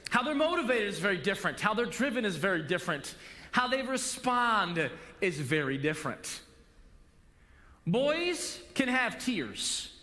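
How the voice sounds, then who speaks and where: A male pastor in his forties preaching a sermon in a church, animated and acting out little dialogues. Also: high voice. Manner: animated, acts out coach-and-player dialogue. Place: church sanctuary. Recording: long hall reverb.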